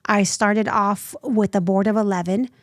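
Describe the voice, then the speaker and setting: Woman in her thirties, interview guest, animated storytelling, dry close sound. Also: mid-range voice, moderate pace, no room sound. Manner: animated, acts out quoted voices. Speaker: nonprofit founder, podcast guest.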